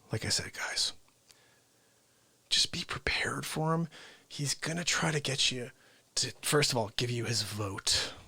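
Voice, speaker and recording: Winded, husky-voiced male show host. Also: medium pitch, pushed and bright, dry recording. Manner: playful, self-mocking, upbeat. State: out of breath. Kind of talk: live unscripted variety show chat.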